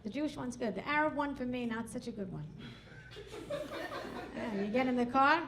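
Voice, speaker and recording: A woman's voice: on the high side, moderate pace, background noise. A woman hosting a comedy club stage, doing chatty, self-mocking stand-up and working the crowd on a handheld mic.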